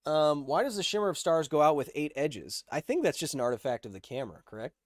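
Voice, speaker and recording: A man's voice: on the high side, lively intonation, quick pace, no room sound, studio quality. A man hosting a livestream, explaining science casually and answering chat with jokes. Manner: explains science, reads chat aloud, jokey. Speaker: host.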